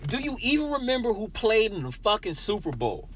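A man's voice: sits high, big pitch swings, fairly quick, a bit bright, soft background music. A young man hosting a podcast, ranting with lots of swearing and talking straight at his listeners in a sour, angry mood. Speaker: podcast host. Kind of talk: profane solo podcast rant.

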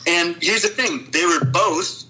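A man's voice: high-pitched, a little slow, pushed and bright, a little hiss or hum, low-quality recording. A man chatting casually on a podcast, rambling and swearing, full of "dude" and "you know". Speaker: podcast co-host, cycle traveler.

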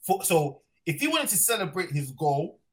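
A man hosting a casual football podcast, animated and quick to repeat himself, laughing often. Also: fairly high pitch, a little hiss or hum. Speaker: podcast host.

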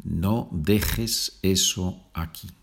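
Brief Male podcast language teacher, deep husky voice, patient and chatty. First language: Spanish. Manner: slow deliberate example sentences, chatty asides ending in "okay?".

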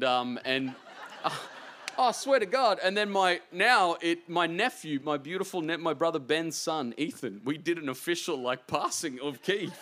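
A man with an Australian accent, an author telling heartfelt stories in an earnest, rambling way that swings between hushed and animated. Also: high voice. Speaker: author guest. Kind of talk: emotional anecdotal storytelling.

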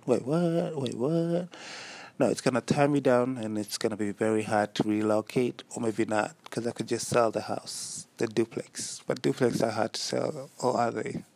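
Gravelly young man musing aloud. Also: mid-range voice, steady tone, moderate pace, hardly any pauses, a little mellow. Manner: rambling, musing aloud, self-mocking. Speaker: podcast host. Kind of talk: solo diary podcast.

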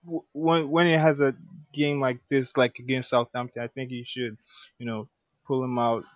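A man co-hosting a relaxed podcast, talking hesitantly at a mid pitch with plenty of restarts and "um"s. His audio sounds slightly dull and lo-fi. The sound is dry. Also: moderate pace, dry recording. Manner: hesitant, stammering with many "um"s. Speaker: podcast co-host. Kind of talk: casual chat.

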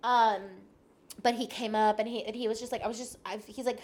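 Young woman, kinda high voice, podcast guest telling a story, does all the voices, laughs a lot. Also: fairly quick. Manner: animated, acts out quoted lines, laughs often. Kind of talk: casual storytelling chat.

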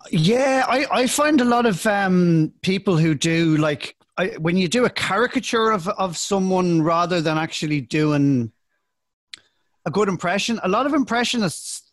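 A man's voice: sits high, expressive, measured pace, no echo. A young actor co-hosting a podcast in casual chat, rambling and often restarting his sentences.

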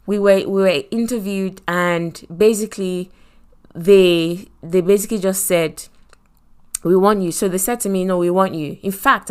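A middle-aged woman from Nigeria with a Nigerian accent, telling a personal story in a motivational faith talk, animated, with many asides and repeated phrases. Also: mid-range voice, clean tone. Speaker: podcast host and Christian speaker.

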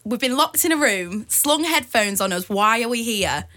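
A woman's voice: on the high side, expressive, normal speed, pushed and bright. A young woman co-hosting a casual podcast chat, giggly and self-mocking, often breaking into laughter. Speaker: podcast co-host.

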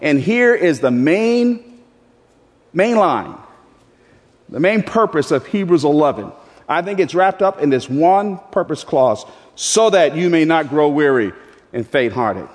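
A man preaching a sermon as pastor, with emphatic delivery that leaps into high, animated voicing. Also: unhurried. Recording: echoey hall with long reverb.

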